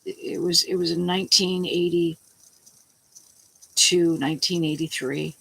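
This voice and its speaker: A woman's voice: on the low side, steady tone, normal speed, gravelly, fairly bright tone, husky, poor audio. A middle-aged woman telling a story in a rambling, casual way, swearing now and then and restarting her sentences. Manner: rambling, salty, starts over mid-sentence. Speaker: vlogger.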